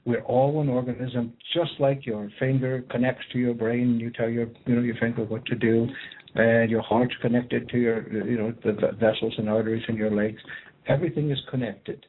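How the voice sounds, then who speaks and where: A man speaking as a guest healer, explaining his ideas calmly and at a measured pace. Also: mid-range voice. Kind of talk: explanatory talk. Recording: tinny phone-like call audio.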